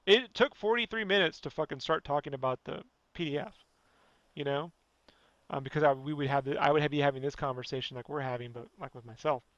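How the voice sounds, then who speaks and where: A man's voice: on the high side, a little fast, a bit bright, dry recording, highs cut off. A man hosting a podcast, ranting in a blunt, profane, rambling way and leaning on "you know" constantly. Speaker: podcast host. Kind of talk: casual podcast rant.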